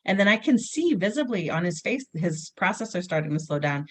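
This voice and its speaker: A woman in her thirties talks casually as a family coach, her voice sitting a little low. She tells stories with energy and slips into her children's lines as she goes. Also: a little fast, breathy edge. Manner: animated storyteller, acts out her kids' lines. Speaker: guest, family dynamic coach. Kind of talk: casual chat.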